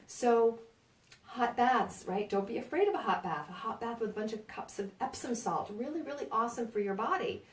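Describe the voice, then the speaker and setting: A woman's voice: fairly high pitch, animated, normal speed. Chatty New York woman, birth educator, roomy sound from a distant mic. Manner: chatty, reassuring, asks "right?" often. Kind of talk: informal prenatal class talk.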